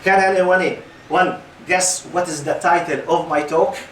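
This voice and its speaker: A man's voice: fairly high pitch, steady tone, a little slow, a bit bright, a little hiss or hum. Man in his 50s, lecturer; engaging, quizzes the audience; recorded from a distance in a reverberant hall. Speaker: Islamic lecturer. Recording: roomy hall, mic at a distance.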